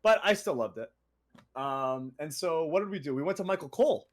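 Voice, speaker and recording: Animated young man telling stories. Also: a little high, a little fast. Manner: animated, laughing, voices quotes. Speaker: co-host. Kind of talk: casual podcast storytelling.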